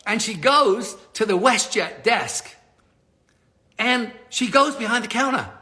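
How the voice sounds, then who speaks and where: A man telling a story on a live stream as a motivational speaker, animated, often laughing and swearing casually. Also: extremely high pitch, slow.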